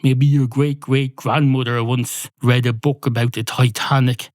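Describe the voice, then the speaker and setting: A man with an Irish accent delivering a rambling, mock-indignant comic monologue as a podcast host, swearing freely and jumping in pitch. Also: flat delivery, unhurried, darkish tone, no echo. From Ireland.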